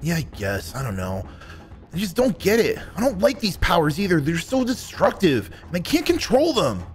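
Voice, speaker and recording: Petulant teen boy superhero, lively swinging voice, fairly high, music behind as a man voices him. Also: moderate pace. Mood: sulky. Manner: whiny, complaining, petulant. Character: sulky teenage superhero boy, angry and defiant.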